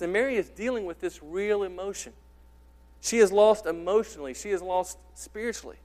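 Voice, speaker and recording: A man pastor preaching an impassioned sermon, repeating rhetorical questions and swinging from loud to quiet. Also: sits high, fairly quick. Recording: reverberant hall.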